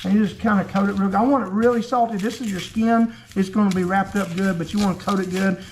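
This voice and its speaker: A man's voice: sits high, fairly even intonation, quick pace, reverberant, slight background noise. A man chatting folksily as he demonstrates cooking in his home kitchen, joking as he goes. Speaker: cooking vlogger and preacher.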